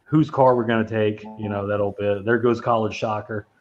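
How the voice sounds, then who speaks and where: A man talks through a movie in a loose, rambling way, cursing often and laughing at his own stories. His voice sits a bit low. The recording sounds dull and lo-fi. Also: flat delivery, normal speed, slight background noise. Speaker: podcast co-host. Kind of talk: casual movie review chat.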